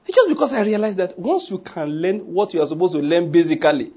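A Nigerian man preaching in a loose, joking way, slipping into Pidgin now and then. His voice sits a little high for a man and has a husky, breathy grain. It sounds like a pastor talking straight to his congregation. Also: expressive, fast, darkish tone. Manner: humorous, conversational preaching with Pidgin asides. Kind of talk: sermon.

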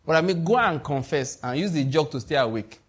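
A man's voice: fairly high pitch, expressive, a little fast, breathy edge. A middle-aged man with a Nigerian accent preaching a sermon, emphatic, repeating key phrases and checking that his listeners follow. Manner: emphatic, repeats lines, asks the congregation questions. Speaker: pastor.

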